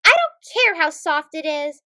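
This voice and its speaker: A woman's voice: very high-pitched, slow, sharp tone, no room sound, studio quality, pitched above the performer's own voice, full character voice. A woman voicing a scared, stubborn little boy who whines and pleads in a children's storybook reading. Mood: upset. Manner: whiny, pleading.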